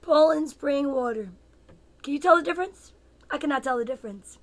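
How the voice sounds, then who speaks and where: A woman's voice: sits high, fairly quick. A woman in her fifties, a comedian hosting her own show, chatting casually with viewers by name in a rambling, playful, self-mocking way. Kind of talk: casual comic live chat with viewers.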